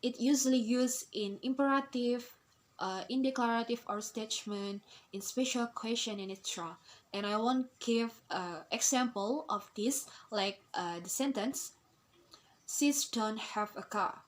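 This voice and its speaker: A young woman explaining a class assignment as a student, hesitant, with frequent pauses and fillers. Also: a little high, a little hiss or hum, poor audio. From Indonesia. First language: Indonesian. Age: young adult. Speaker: student presenter.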